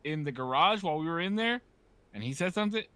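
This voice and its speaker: A man's voice: a little high, fast, smooth, no echo. A man in his thirties hosting a podcast, chatting casually and acting out stories with quoted dialogue. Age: 30s. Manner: animated storyteller, acts out quoted dialogue. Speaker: podcast host. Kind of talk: casual chat.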